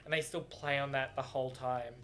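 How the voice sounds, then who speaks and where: A man's voice: mid-range voice, steady tone, fairly quick, a bit bright, faint music behind. Giggly, rambling man reviewing a book. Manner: bubbly and giggly, rambling with many fillers. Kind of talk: casual book reaction chat. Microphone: camera mic.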